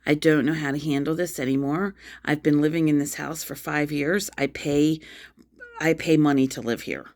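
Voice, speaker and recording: A woman's voice: sits low, steady tone, normal speed, darkish tone. A middle-aged woman venting angrily on a phone livestream, repeating herself as she pours out her hurt and frustration. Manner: upset, angry, repetitive outbursts. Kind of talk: emotional venting vlog.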